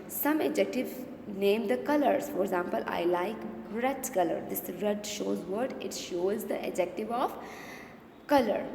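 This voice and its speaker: A woman teacher with a Pakistani English accent, giving a revision lesson, slowly repeating words and often asking "clear?" to check understanding. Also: mid-range voice, a little mellow, slight background noise. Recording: echoey room with long reverb.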